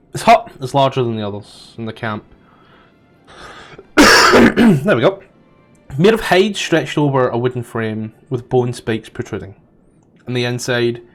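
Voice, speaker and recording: A man's voice: mid-range voice, a bit bright. A male game master runs a tabletop session and describes the scenes casually. He rambles, stalls, and swears when he loses his train of thought. Faint music plays underneath.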